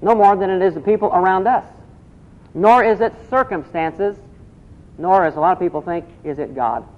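A man's voice: high voice, normal speed. A man preaching a sermon, asking the congregation questions and repeating key phrases. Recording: dull lo-fi recording.

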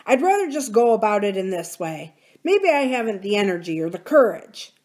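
A woman's voice: mid-range voice, sing-song, moderate pace, a little mellow. Woman reading as a tense, tormented man. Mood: strained. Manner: tense and pleading, bursting into anger. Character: troubled grieving middle-aged man.

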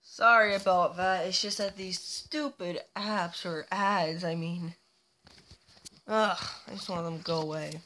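Slow, playful woman narrating her gameplay. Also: fairly low pitch, fairly even intonation, pushed and bright, a little hiss or hum, rough recording. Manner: playful, chatty, mock-villain taunts at enemies. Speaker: gameplay commentator. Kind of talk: casual let's-play commentary.

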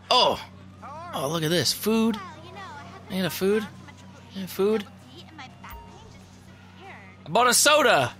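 A young man talks over his gameplay in a high, very bright voice. He is loud and excitable, swears freely and laughs often as he comments. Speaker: gaming video host. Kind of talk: let's play commentary.

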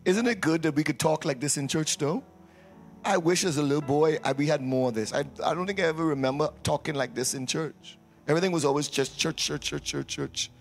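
A man's voice: fairly high pitch, quick pace, faint music behind. A man leading a church service as pastor, with announcements and prayer, teasing the congregation and calling for responses. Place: church sanctuary.

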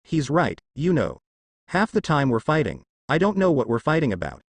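A man voicing a weary, regretful father who speaks in halting, apologetic phrases. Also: on the high side, wildly swooping pitch, slight background noise.

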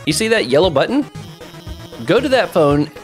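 A man's voice: on the high side, sing-song, moderate pace, soft background music, voice pushed up. A man voicing a female lizard scientist from a video game, brash and defiant.

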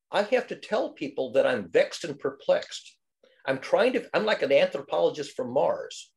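Animated older man telling stories. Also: on the high side. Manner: lively storyteller, animated and wry. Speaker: study group participant. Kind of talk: casual group discussion.

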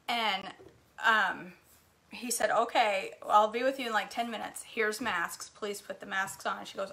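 A woman's voice: mid-range voice, normal speed, sharp tone. A middle-aged woman chatting casually in her home kitchen as she cooks, telling stories and laughing often. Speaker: cooking vlogger. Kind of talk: casual chat while cooking, reading comments.

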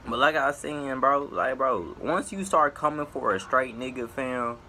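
Bright-voiced man ranting to camera. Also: normal speed, a little hiss or hum. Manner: profane, exasperated ranting, swinging up and down in pitch. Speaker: vlogger.

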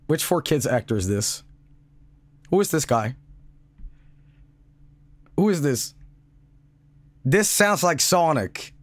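Man, streamer, casual excitable commentary, profane, high animated voice, dry close sound. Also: slow pace, pauses often, dry recording. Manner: excitable, profane, laughs often. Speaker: streamer host.

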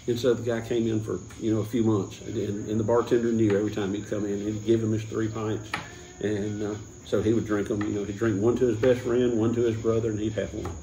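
A man's voice: fairly low pitch, level tone, brisk, mellow, echoey room, a little hiss or hum, low-quality recording. A man hosting a casual beer tasting, rambling through a drinking joke with lots of restarts. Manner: rambling, full of restarts and chuckles. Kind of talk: casual chat, telling a joke.

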